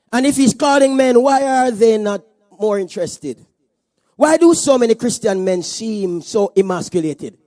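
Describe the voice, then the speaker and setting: Brief: male pastor, very high voice, lively comic sermon delivery, dry close sound. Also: no room sound. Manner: animated, joking preacher. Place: church service.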